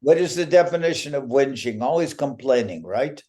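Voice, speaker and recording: Warm in tone and expressive, his mid-range voice carries a talk to devotees over video call. The spiritual teacher chats, jokes and teases them playfully, drawing his punchlines out long.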